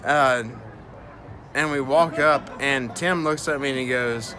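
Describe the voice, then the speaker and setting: A man's voice: mid-range voice, measured pace, background noise. A tipsy man telling a profane, rambling story, full of fillers and restarts. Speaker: guest storyteller. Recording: loud music playing behind. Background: loud music.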